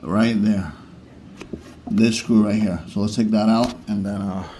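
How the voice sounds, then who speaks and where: A man's voice: on the low side, fairly even intonation, measured pace, warm tone, slight background noise. A man who grew up in the United States, talking casually as he walks through a scooter repair, rambling and correcting himself as he works. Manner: rambling, chatty, self-correcting. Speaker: DIY vlogger. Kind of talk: casual how-to vlog. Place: garage or yard, working on a scooter.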